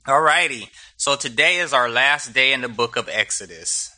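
A man's voice: medium pitch, lively intonation, normal speed, bright, forceful tone. A middle-aged man teaching a Bible study, retelling scripture with humor and slang.

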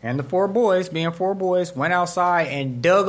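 A man's voice: sits high, moderate pace, hardly any pauses. A man preaching a sermon as pastor, telling stories and acting out the voices of the people in them. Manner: animated, acts out voices in his stories. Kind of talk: storytelling sermon.

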